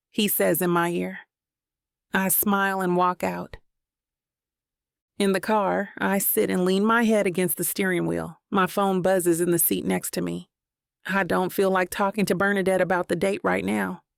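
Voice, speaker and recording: Woman, romance audiobook narrator, intimate first-person telling, slight vocal fry, dry studio sound. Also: mid-range voice, no room sound.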